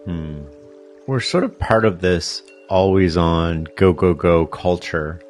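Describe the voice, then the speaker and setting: A man's voice: deep voice, slow pace, soft background music. A man hosting a podcast interview, asking thoughtful, probing questions. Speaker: podcast host.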